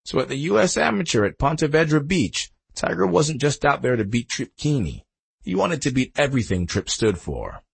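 A man's voice: medium pitch, gravelly, breathy edge. A man narrating a nonfiction sports book in a dramatic storytelling manner, with emphatic swells on key moments. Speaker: audiobook narrator. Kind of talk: scripted narration.

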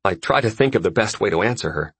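A man narrating a first-person story in an expressive audiobook reading. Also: fairly low pitch, quick pace, husky, dry recording.

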